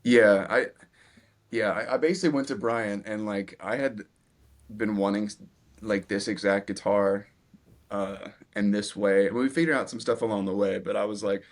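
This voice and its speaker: A man's voice: fairly low pitch, normal speed. Young man rambling casually about his gear. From Virginia, US. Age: 20s. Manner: relaxed, rambling with many "like" fillers. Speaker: guest guitarist. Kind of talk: casual interview chat.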